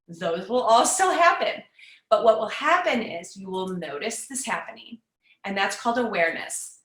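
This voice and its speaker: A woman gives an encouraging, conversational parenting talk as a guest on a live online summit. Her voice is bright and forward. She sits in an echoey room, heard through a video call microphone. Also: medium pitch, animated, normal speed. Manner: warm, encouraging, conversational teaching.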